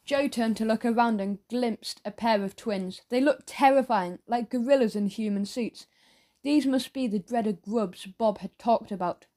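A woman narrating a children's audiobook in a playful, expressive storytelling manner. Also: on the high side, unhurried.

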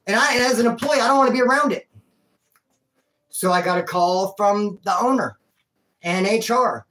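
A man's voice: high voice, animated, brisk, a bit bright. A man telling a rambling personal story in a casual, slangy way, calling the listener dude and bro. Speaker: vlogger telling a prison and life story.

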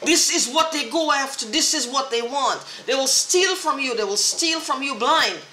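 A woman vlogger rants straight into the camera, angry, profane and repetitive, in an agitated monologue. Her voice is high, expressive and pushed bright at normal speed, and the recording is reverberant with a little hiss or hum.

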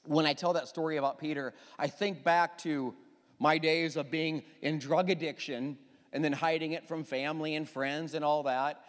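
Middle-aged guy preaching in a church, bit high voice, echo trailing off. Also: moderate pace. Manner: animated storytelling with repeated restarts. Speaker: pastor. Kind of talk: sermon. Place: church hall.

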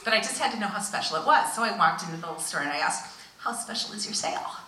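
Woman, pastor, storytelling sermon, bright forceful voice, slightly low pitch, sounds far off, echoey church hall. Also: racing. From United States. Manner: animated, dips to hushed tones for emphasis. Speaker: visiting pastor, missionary.

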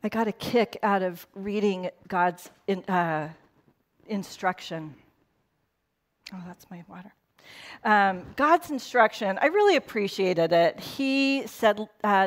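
A woman's voice: medium pitch, lively intonation, slow. A middle-aged woman pastor giving a sermon in a conversational, playful way, with asides and laughter.

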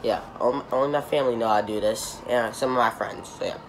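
A young man talks loosely through a reaction video in his apartment, looping back over his words and restarting sentences. His voice sits at an ordinary middle pitch. A steady hiss of noise and passing traffic fills the home recording. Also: a little fast. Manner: rambling, repetitive, self-correcting. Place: apartment room.

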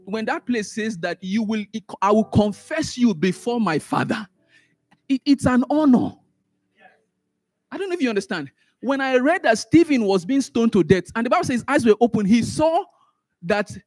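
A man teaching a Sunday school class. He repeats words, restarts phrases and swings up sharply in pitch and loudness when he stresses a point. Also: no room sound. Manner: animated, rises sharply in pitch and volume for emphasis, trails off in asides. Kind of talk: church Bible teaching.

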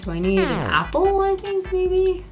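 A young woman giving casual, excitable commentary while playing a video game for the first time, yelping at enemies. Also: very high voice, unhurried, over music. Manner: excitable, yelps and scolds at enemies. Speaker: gaming creator. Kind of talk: casual let's play commentary.

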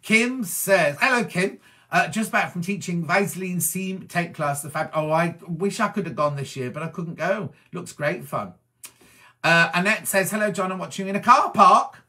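Chatty bright-voiced man reading messages. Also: on the high side. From Wiltshire, England. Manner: chatty, answers messages with quick asides. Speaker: TV presenter reading viewer messages. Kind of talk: casual chat reading viewer comments.

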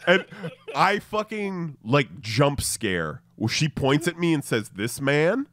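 A man's voice: fairly high pitch, big pitch swings, slow, a bit bright, no echo, studio quality. A man hosting a podcast, casually telling a story with swearing and laughter at his own tale. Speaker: podcast host.

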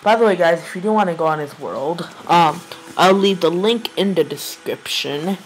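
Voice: medium pitch, moderate pace, slight background noise, poor audio. A young gamer giving casual, rambling gameplay commentary, giggling and hesitating often. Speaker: let's play gamer.

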